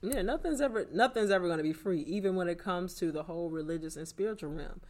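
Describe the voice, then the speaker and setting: A man with a slightly higher voice speaks earnestly in a relaxed conversation. He sounds reflective and motivational. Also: fast talker. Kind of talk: casual conversation.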